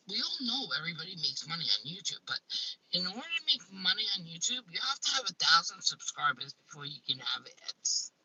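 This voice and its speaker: Bright, husky Staten Island woman ranting. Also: lowish voice, no echo, rough recording. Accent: Staten Island, New York. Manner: blunt, swears freely, talks in restarts. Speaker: YouTuber hosting a live stream. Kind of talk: casual live-stream rant.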